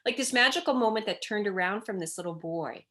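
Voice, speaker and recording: A woman's voice: medium pitch, a little fast. A middle-aged woman, a child development expert, telling stories in a conversational interview and acting out children's cries as she goes. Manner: animated storytelling, acting out children's cries in quotes.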